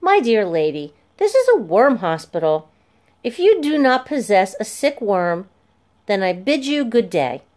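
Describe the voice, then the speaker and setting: A woman's voice: mid-range voice, very animated, measured pace, a little mellow. A woman voicing a stiff, fussy male caretaker who speaks formally and clipped.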